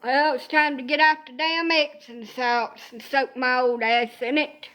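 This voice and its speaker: A woman in her late thirties with a high voice talks straight into the camera, grumbling and cursing her way through a comic rant. Her complaints come out loose, loud and exaggerated, in a casual storytelling flow. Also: fairly even intonation, a little slow. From Alabama. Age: 30s. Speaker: social media streamer.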